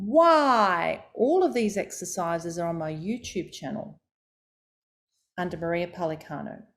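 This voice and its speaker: A woman giving a voice coaching talk, demonstrating pitch and stress exercises aloud as she explains them. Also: darkish tone.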